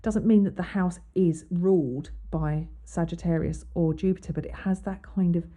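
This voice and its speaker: Mellow-voiced woman hosting an astrology podcast. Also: on the low side, steady tone, normal speed. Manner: chatty, many ums and restarts, reads quotes aloud. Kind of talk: casual explanatory monologue.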